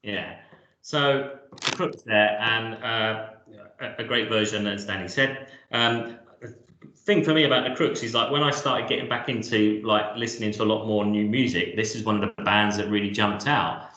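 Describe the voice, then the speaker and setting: A man's voice: fairly low pitch, normal speed, bright, forceful tone, reverberant, poor audio. A man co-hosting a music countdown, chatting casually and enthusiastically with rambling restarts. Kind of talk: casual chat.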